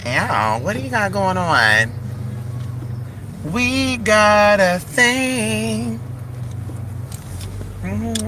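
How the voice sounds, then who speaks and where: A man chatting sassily and animatedly while vlogging from his car. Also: a little high. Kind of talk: casual car vlog. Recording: traffic noise behind. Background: road traffic.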